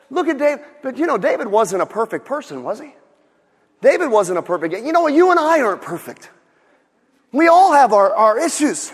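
A man preaching a sermon, animated, repeating words, going soft for storytelling and rising to shouts. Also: very high-pitched, a little fast, big-room sound. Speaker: pastor.

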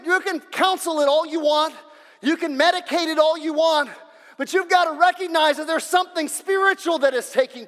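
A pastor preaching a sermon, emphatic and repetitive, swinging between loud passages and hushed ones. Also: male voice, very high voice, in a large hall.

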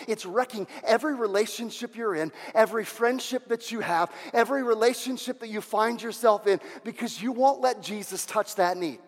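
High-voiced fervent preacher in a reverberant hall. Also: male voice, moderate pace, hardly any pauses. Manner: fervent, repeats phrases for emphasis. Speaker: pastor. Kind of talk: sermon. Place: church sanctuary. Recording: long reverb of a large hall.

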